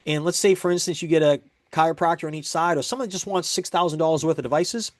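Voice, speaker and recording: A man's voice: on the high side, fast, no echo, clean studio sound. A man giving a recorded sales presentation, upbeat and explaining step by step.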